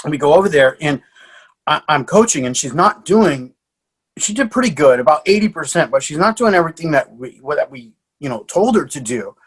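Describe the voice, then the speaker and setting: Coach guest, male, higher-pitched, animated and laughing through his stories. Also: a little fast, slightly rough. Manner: lively anecdotes with frequent laughs and fillers. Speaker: martial arts coach. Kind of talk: animated storytelling in a podcast interview.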